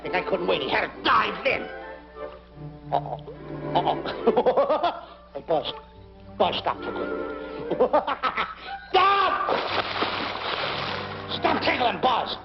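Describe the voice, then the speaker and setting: Squeaky, bouncy man-child in an old film comedy, whiny and giggly, over a dull soundtrack with loud music. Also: big pitch swings, unhurried, creaky, pauses often, full character voice. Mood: playful. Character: childish excitable bumbling grown man. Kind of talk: 1940s film comedy acting.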